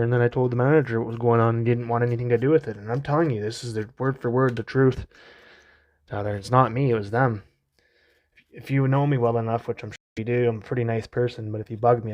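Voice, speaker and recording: A man's voice: medium pitch, darkish tone, highs cut off. A young man on a casual livestream, telling a rambling, profane story about being wrongly blamed, speaking into a phone at home. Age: young adult. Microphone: phone livestream mic.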